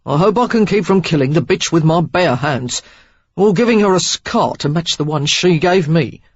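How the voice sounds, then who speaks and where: A narrator doing a grim, menacing club owner. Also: male voice, normal speed, creaky, husky, dry recording. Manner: low, cold, threatening. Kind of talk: audiobook character voice. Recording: dull lo-fi dry recording.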